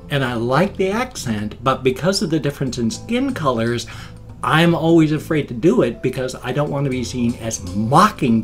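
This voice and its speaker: A man's voice: mid-range voice, husky. Rambling middle-aged male vlogger. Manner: rambling, chatty, jumps between topics. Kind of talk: casual daily vlog chat.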